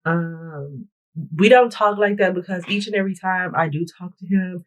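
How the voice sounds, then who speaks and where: A woman's voice: lowish voice, normal speed, poor audio. A woman vlogger chatting bluntly and profanely through a storytime while she does her makeup and hair. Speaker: beauty vlogger. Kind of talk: get-ready-with-me storytime chat.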